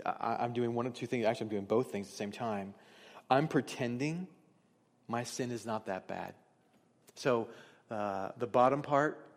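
A middle-aged man preaching a sermon as pastor, telling stories in a conversational, candid way. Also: medium pitch. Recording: long reverb of a large hall.

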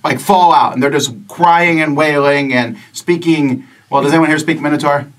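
A man's voice: fairly high pitch, fairly even intonation, moderate pace, fairly bright tone. Man narrating as game master, distant mic. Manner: chatty, stumbling restarts while describing scenes.

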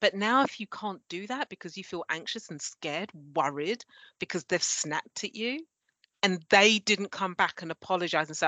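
Bright-voiced emphatic woman. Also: on the low side, normal speed, dry recording. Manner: emphatic, reassuring. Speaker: podcast guest. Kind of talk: frank conversational podcast chat.

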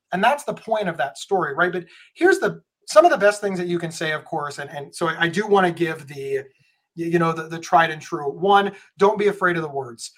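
High-voiced earnest man, emphatic. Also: a bit bright. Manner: earnest, emphatic, frequent restarts. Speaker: guest speaker on mental health. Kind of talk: conversational advice.

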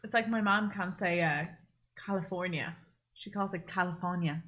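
A woman's voice: medium pitch, brisk, fairly bright tone. A woman co-hosting a podcast, chatting casually and teasing her partner. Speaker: podcast co-host. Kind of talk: casual chat.

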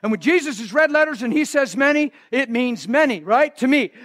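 A man preaching a sermon as pastor, fervent, swinging between shouts and hushed passages. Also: very high voice, expressive, fairly quick, few pauses, no room sound, clean studio sound.

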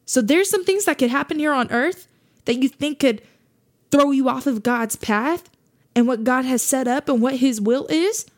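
A woman's voice: sits high, normal speed. A woman hosting a faith podcast, talking earnestly in a monologue and repeating her points for emphasis. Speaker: podcast host.

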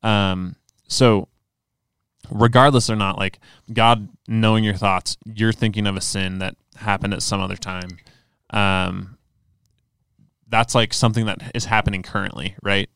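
A man's voice: on the low side, steady tone, measured pace, a bit bright, smooth, no room sound. A man co-hosting a podcast, explaining religious ideas earnestly in casual chat with many fillers. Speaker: podcast co-host. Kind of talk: casual faith discussion.

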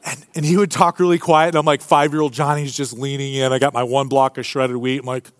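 A male pastor preaching a sermon to a live congregation, animated and humorous in a conversational way. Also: medium pitch, a little fast. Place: church before a live congregation.

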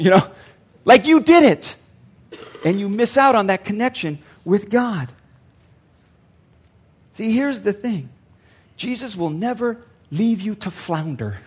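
A man's voice: very high-pitched, big pitch swings, unhurried, long pauses, fairly bright tone, husky. An older man, a pastor, preaching a sermon earnestly and repeating lines for emphasis.

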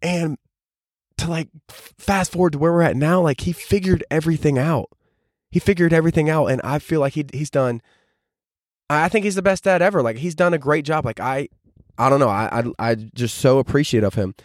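Young male podcast host in his 20s, quick and rambly, dry close sound, casual reflective monologue. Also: fairly high pitch, dry recording. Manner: casual, rambling, many filler "like"s.

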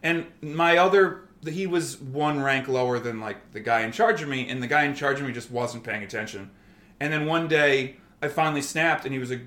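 A man's voice: medium pitch, fairly quick, reverberant. A man in his thirties, a former army medic, telling stories in casual conversation, swearing freely and acting out quoted exchanges. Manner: profane, animated storytelling that acts out quoted exchanges.

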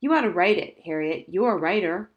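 A woman's voice: on the low side, animated, a little fast, muffled recording. A woman doing an eager young schoolboy. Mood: earnest. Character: earnest, cheerful young schoolboy. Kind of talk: audiobook character voice.

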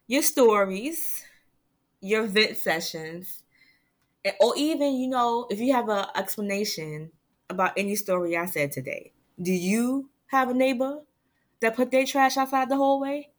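A woman hosting her own podcast, venting to listeners in a casual, animated way and laughing often. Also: mid-range voice. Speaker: podcast host.

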